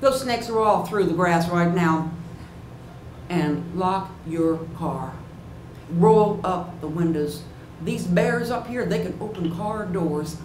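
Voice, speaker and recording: A woman's voice: mid-range voice, normal speed, hardly any pauses, lightly acted. A woman putting on a blunt folksy park ranger lady. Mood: warning. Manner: matter-of-fact, folksy, calls her ma'am. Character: blunt middle-aged woman park ranger, gloomy warnings. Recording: roomy live hall with audience noise.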